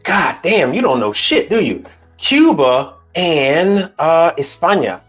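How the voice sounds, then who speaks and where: In lo-fi sound with soft background music, a middle-aged Houston streamer speaks slowly but very animatedly, his voice on the high side and fairly bright. His casual rant is blunt and full of cursing as he argues with his chat.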